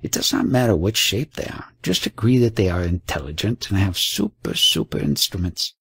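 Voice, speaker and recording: Man reading an audiobook, low raspy gravelly voice, dry close sound. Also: lively intonation, a bit bright, dry recording. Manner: measured, storytelling. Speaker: audiobook narrator.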